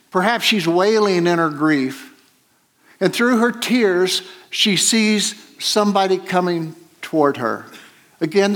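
A man preaching a Sunday sermon in a slightly high voice. He retells the story at an unhurried, halting pace, with frequent pauses and fillers. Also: fairly bright tone.

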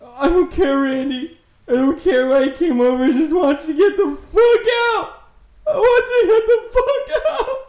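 Someone playing a raging drunk husband, high and cursing. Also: normal speed, lightly acted. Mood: furious. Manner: yelling, cursing, accusing. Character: angry drunk middle-aged husband, hot-tempered and threatening. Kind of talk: improvised comedy role-play. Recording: echoey room, voice from far off.

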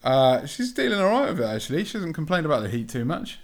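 A man's voice: fairly high pitch, very animated, quick pace. A young man chatting casually as a podcast co-host, laid-back and sweary, trailing off with ums. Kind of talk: casual chat.

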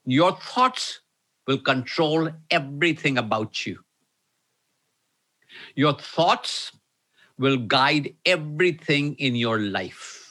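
Guy preaching, keeps repeating lines slow for emphasis, bright kinda high voice. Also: lively intonation. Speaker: pastor. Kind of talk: sermon with live Q&A.

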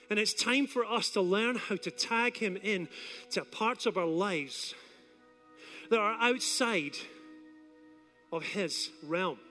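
High-voiced animated male preacher. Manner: animated, acts out stories. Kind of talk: sermon with storytelling.

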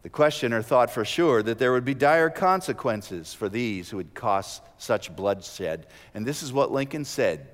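A man preaching a sermon, rising to loud emphatic peaks and dropping to soft, slow prayer. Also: mid-range voice, lively intonation. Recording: long hall reverb.

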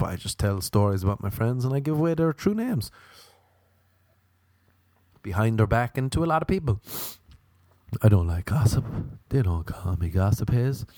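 A man telling a comic story in a casual way, often switching into high-pitched voices when he quotes other people. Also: darkish tone, dry recording.

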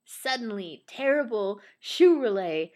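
A woman's voice: fairly high pitch, expressive, takes it slowly, warm tone. A woman in casual chat who reads a ballet synopsis aloud, often laughing and stumbling over unfamiliar names. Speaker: podcast co-host.

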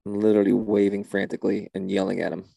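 A man's voice: fairly low pitch, little pitch movement, fast talker, vocal fry, mellow, no echo. A man leading a church service in a comedy sketch, talking in an exasperated, flustered way and often repeating himself.

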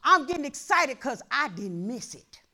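A woman pastor preaches a fervent sermon in a church. Her voice sits high and leaps all over its range. She hammers repeated phrases, sinking to near-whispers and then climbing into shouts. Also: big pitch swings, normal speed. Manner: impassioned, repeats phrases, swings from hushed to shouting.

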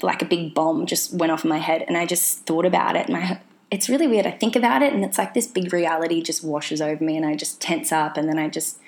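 A woman's voice: sits low, creaky. A young woman telling a personal story casually, rambling with lots of fillers and restarts. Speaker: vlogger sharing her mental health story.

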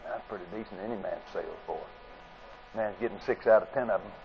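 A man's voice: lowish voice, fast talker. A man preaching a sermon at a convention, a folksy, plain-spoken storyteller. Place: convention hall. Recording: tinny lo-fi tape with faint hiss.

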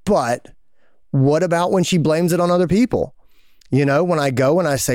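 A man's voice: on the high side, moderate pace, darkish tone, no room sound, clean studio sound. A man co-hosting a podcast, talking casually and spinning little hypothetical stories to make his point. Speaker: podcast co-host. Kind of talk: casual advice chat.

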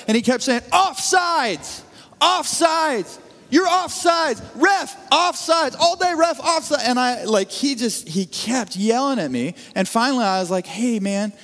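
A young adult man preaching a sermon, telling stories in a loose, conversational way with frequent restarts. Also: extremely high pitch. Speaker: pastor. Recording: long hall reverb.

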